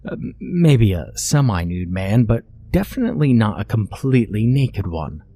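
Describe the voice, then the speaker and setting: A man narrating a scripted horror-comedy story in a deadpan, matter-of-fact way. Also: fairly low pitch, moderate pace, dry recording.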